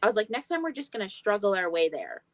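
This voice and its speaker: A woman's voice: mid-range voice, sing-song, fast talker, no echo. A young woman hosting a livestream, telling stories in a chatty way, swearing freely and acting out what people said. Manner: chatty storyteller, swears freely, acts out quotes. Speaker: livestream host. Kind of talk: casual chat.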